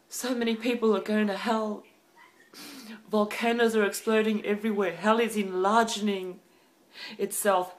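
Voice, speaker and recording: A woman delivers an impassioned prophetic message in a fairly high voice. She is fervent and emphatic, drawing her solemn phrases out slowly and at times breaking into speaking in tongues. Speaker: prophetic preacher.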